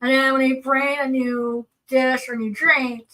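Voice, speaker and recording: A woman's voice: high-pitched, flat delivery, a little slow, sharp tone, recorded from a distance, rough recording. A woman co-presenting a seminar in a casual panel talk, earnest and explanatory, drawing on personal examples.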